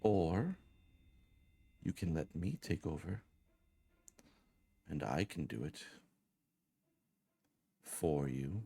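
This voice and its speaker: A man, the dungeon master, playing a patient inner spirit that speaks softly and persuasively. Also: very deep voice, expressive, extremely slow, vocal fry, long pauses, breathy edge, heavily acted. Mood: coaxing.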